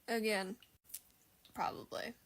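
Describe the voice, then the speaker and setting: A woman's voice: mid-range voice, fairly even intonation, slow pace, close to an everyday voice. A woman doing a dry, exasperated young hunter. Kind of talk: comedic fan skit.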